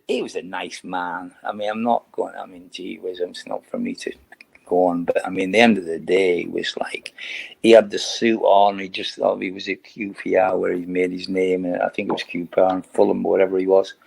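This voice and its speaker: Speaking at a normal speed in a low, creaky voice with a darkish tone, a retired footballer in his later years chats as a podcast guest. His laughing anecdotes wander, and he restarts often.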